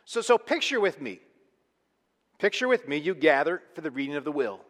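A man preaching a sermon, earnest and emphatic, swinging between quiet, intimate lines and loud, pressing ones. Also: a little high, sing-song, moderate pace. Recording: long reverb of a large hall.

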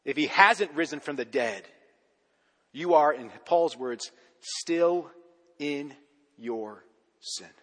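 A male pastor delivers a sermon in a church sanctuary, his voice a little husky. He punches key words loudly, then lets phrases sink low and soft. A long reverb trails behind every line. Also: lively intonation, slow pace, pauses often. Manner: emphatic, swinging between loud urgent stresses and low quiet endings.

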